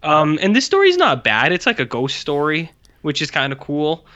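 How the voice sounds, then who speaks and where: Rambling jokey man, bright, slightly dull recording. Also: fairly high pitch, wildly swooping pitch, moderate pace. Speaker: podcast co-host. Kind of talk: casual chat. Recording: dull lo-fi sound.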